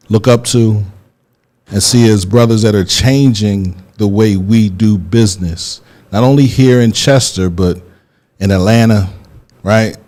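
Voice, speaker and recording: A man's voice: fairly low pitch, darkish tone. A man hosting a casual radio interview, emotional and choked up, talking in a heartfelt, rambling way. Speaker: radio show host.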